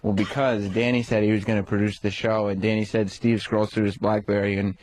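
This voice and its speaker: Low-voiced man, blunt and matter-of-fact. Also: little pitch movement, brisk, darkish tone, a little hiss or hum, rough recording. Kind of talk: casual radio banter. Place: radio studio.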